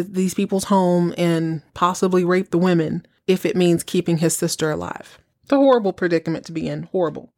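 A woman with a slightly low voice hosts a casual podcast and walks through a TV episode scene by scene. She tells it with animated emphasis, often repeating a phrase for effect. The talk is relaxed and chatty. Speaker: podcast host recapping a TV episode. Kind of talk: casual chat.

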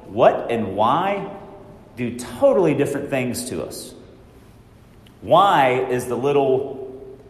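A man giving a training talk to real estate agents in a large room, lively, often acting out worried inner voices. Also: medium pitch, reverberant, big-room sound.

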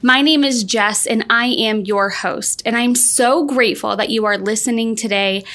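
A woman's voice: a little high, normal speed, fairly bright tone. A woman in her thirties hosting a podcast, telling her personal story in an upbeat, chatty way. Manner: upbeat, chatty, frequent "like" and laughs. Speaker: podcast host, launch coach.

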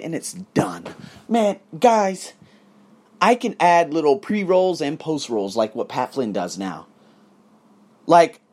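A husky-voiced man runs his own podcast as a solo motivational talk. His pitch swings all over as he preaches, swearing freely and egging on his listeners. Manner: animated, profane, preachy. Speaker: podcast host. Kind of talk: motivational monologue. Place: abroad, living in Thailand.

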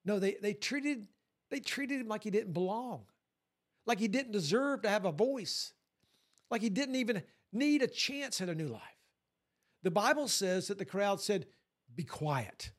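High-voiced male pastor preaching. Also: moderate pace. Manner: animated preaching, acts out voices. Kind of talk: sermon.

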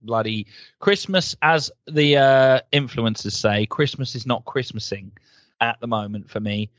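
A man co-hosting a casual podcast, ranting and swearing in an animated, jokey way. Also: mid-range voice, unhurried, no echo, muffled recording. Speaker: podcast co-host. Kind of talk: casual chat.

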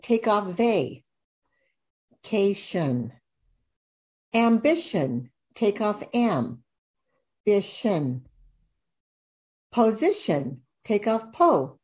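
A woman tutor walks through reading drills at an unhurried pace. She speaks deliberately, sounding out each syllable with care. Her pitch sits in a middle range. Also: dark tone. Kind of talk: instructional demonstration.

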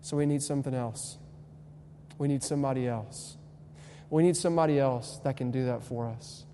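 Young male pastor, sermon delivery, mellow tone, quiet to fervent, recorded in a reverberant hall. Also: mid-range voice, moderate pace. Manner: swings from quiet tender lines to loud impassioned preaching. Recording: long hall reverb, faint hum.

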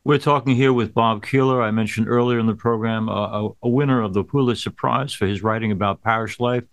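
A priest hosting an interview show, speaking in a measured way with hesitant fillers. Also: male voice, lowish voice, steady tone, no echo.

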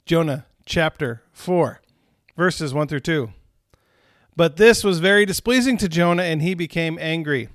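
A man's voice: fairly high pitch, expressive, measured pace, a bit bright, no room sound, clean studio sound. A man leading a recorded Bible study, teaching in an earnest, conversational way with frequent asides to his listeners.

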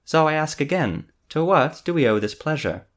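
A man's voice: very animated, normal speed. A man voicing a breezy, commanding noblewoman in an audiobook reading. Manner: breezy, higher voice.

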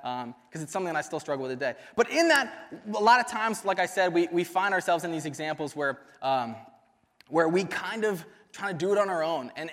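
A man's voice: sits high, fairly bright tone. A young man giving a youth sermon, telling a personal story casually with many fillers before turning to scripture. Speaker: youth ministry speaker. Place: church youth service hall. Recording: reverberant church hall.

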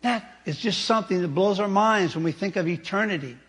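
A male pastor delivering a sermon, explaining scripture with animated, teaching emphasis and spoken demonstrations. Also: sits high, fairly quick, big-room sound. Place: church sanctuary.

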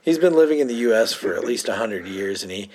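A man's voice: on the low side, expressive, quick pace, darkish tone. A man co-hosting a podcast, casually recapping a TV episode and laughing as he retells scenes. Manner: laughs often, retells scenes with quoted lines. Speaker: podcast co-host.

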